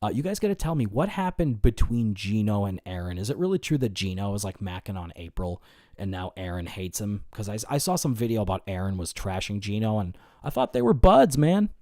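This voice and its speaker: A man's voice: on the low side, big pitch swings, brisk, a little mellow, no echo, studio quality. A man hosting a casual livestream, answering his chat in a rambling, profane way, full of fillers and restarts. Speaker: livestream host.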